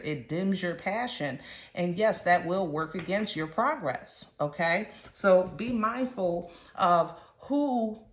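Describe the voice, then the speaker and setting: A woman giving a casual tarot reading in a chatty, slangy, emphatic way. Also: lowish voice. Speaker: tarot reader. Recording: roomy echo.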